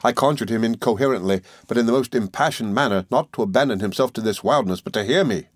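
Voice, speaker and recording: A man reading a classic novel aloud in the first person, measured and earnest. His voice sits at an ordinary mid pitch, recorded close and dry with no room sound. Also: no room sound. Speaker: audiobook narrator. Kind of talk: scripted first-person narration.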